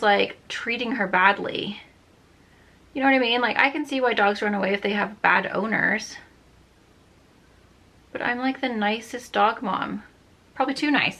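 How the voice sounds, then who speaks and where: A woman's voice: medium pitch, creaky, sharp tone. A woman in her thirties telling a rambling story while doing her makeup, full of "like" and sometimes dropping to a near whisper. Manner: chatty, lots of "like", drops to a near whisper at times. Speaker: beauty vlogger.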